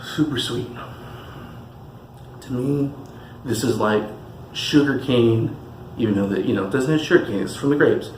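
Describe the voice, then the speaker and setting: A man's voice: mid-range voice, normal speed, darkish tone, slight background noise. Chatty, enthusiastic man in an echoey room. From California. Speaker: spirits reviewer. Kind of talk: casual tasting review. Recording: echoey room with faint music.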